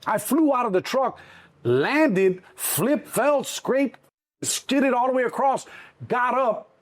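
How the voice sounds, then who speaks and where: A middle-aged man with a Chicago accent, telling a story in an interview, animated and swearing freely, acting out the other voices. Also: very high voice, slow. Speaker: interview guest. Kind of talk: casual storytelling.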